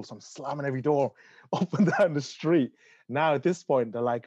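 A young man with an Irish accent tells a long personal story, animated, swearing, and laughing often. His voice is mid-pitched. The recording is dry and somewhat muffled. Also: brisk, dry recording. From Ireland. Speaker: guest telling a story. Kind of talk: casual storytelling.

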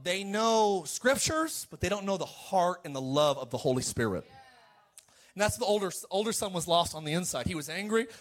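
A middle-aged man preaching a sermon as pastor, animated and joking, with sudden shouted peaks and mocking quoted voices. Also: sits high, moderate pace.

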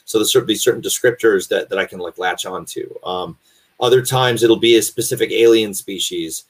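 A man's voice: lowish voice, brisk. A man, a voice actor, talking casually as a guest and explaining his working process thoughtfully, with many restarts. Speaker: guest voice actor and audiobook narrator. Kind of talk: casual interview chat.

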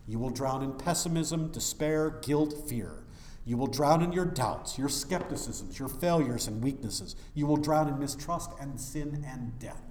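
A man's voice: medium pitch, lively intonation, a little slow, a little hiss or hum. Man preaching in a roomy hall. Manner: dramatic swings from quiet to loud preaching. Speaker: pastor. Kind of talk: sermon. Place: church. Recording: echoey church hall.

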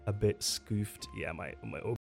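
A man running a tabletop game online as game master, who apologizes and laughs often and slows down to narrate scenes. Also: on the low side, gravelly, faint music behind. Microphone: streaming setup.

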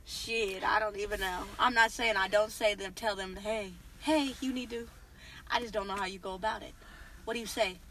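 A woman's voice: medium pitch, fairly even intonation, moderate pace, a bit bright, slight background noise. A young woman in casual chat, talking hesitantly and trailing off.

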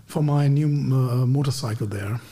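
Gravelly man hosting in halting English. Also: medium pitch, warm tone. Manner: halting English, short repeated phrases. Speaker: podcast host. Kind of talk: casual chat.

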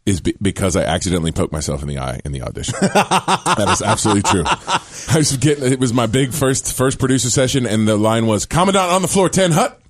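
Fast-talking low-voiced actor guest. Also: male voice, big pitch swings, dry recording, clean studio sound. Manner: fast, chatty, laughs while telling stories. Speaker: actor guest on a radio show. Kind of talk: casual studio chat and anecdotes. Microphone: dry studio microphone.

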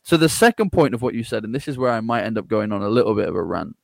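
A man talking as a podcast guest in a casual conversation. He is energetic, laughs often and acts out other people's replies. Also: fairly low pitch, very fast, creaky, no room sound, studio quality.

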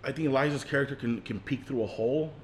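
A man co-hosting a podcast, recapping a movie in relaxed, slangy chat with casual swearing. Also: medium pitch, fast, slight background noise. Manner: laid-back, slangy, swearing. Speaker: podcast co-host.

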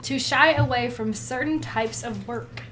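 A woman with a high voice co-hosts a casual podcast. She quizzes and teases her partner, answering the jokes with dry reactions. Faint ambient noise hangs behind her. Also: unhurried. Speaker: podcast co-host. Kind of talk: casual chat.

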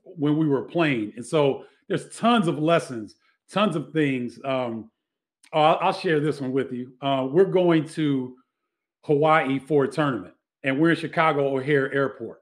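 A middle-aged man, a former basketball player, telling stories in a casual interview with many restarts. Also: a little high.

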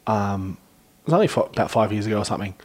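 A young Australian man hosting a podcast, chatting casually and rambling through animated stories. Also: on the low side, very fast. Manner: rambling storyteller, animated retellings. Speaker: podcast host. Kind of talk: casual chat.

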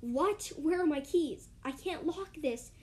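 A sneering male dragon who guards a prison, read out by a woman in a fairly high voice. He taunts his captives with a hiss in his words. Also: moderate pace, natural voice. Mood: taunting, then alarmed.

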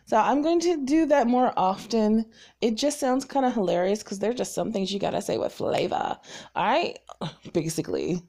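A woman hosting her own podcast, talking casually and rambling with lots of fillers and quick bursts. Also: on the high side, animated, a little mellow. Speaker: podcast host. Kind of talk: casual solo podcast monologue.

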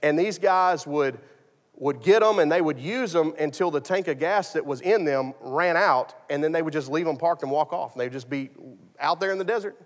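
A man's voice: on the high side, moderate pace. A man preaching a sermon as pastor, talking in a loose conversational way with frequent restarts and fillers. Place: church sanctuary. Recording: long church hall reverb.

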